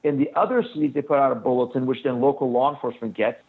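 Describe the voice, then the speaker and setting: Fast-talking man on a tinny phone line. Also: medium pitch, steady tone, breathy edge. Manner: fast, urgent storytelling. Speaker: guest recounting an incident. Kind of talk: phone-in interview account. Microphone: telephone.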